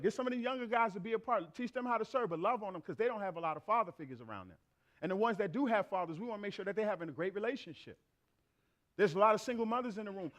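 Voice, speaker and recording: A middle-aged man preaching a sermon as pastor, telling comic family stories and acting out the dialogue. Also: sits high. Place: church sanctuary.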